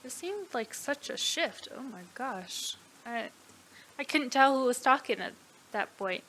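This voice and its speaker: High-pitched woman reacting to a game. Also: animated, a little slow, a bit bright. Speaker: gameplay streamer. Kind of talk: casual gameplay commentary. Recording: noisy background.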